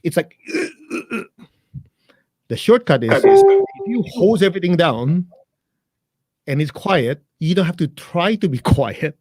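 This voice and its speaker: During a live interview, a guest meditation teacher talks to listeners directly in blunt, plain terms laced with jokes, then leads a chant. His rather high, animated, slightly mellow voice moves at a measured pace with frequent pauses and no room sound.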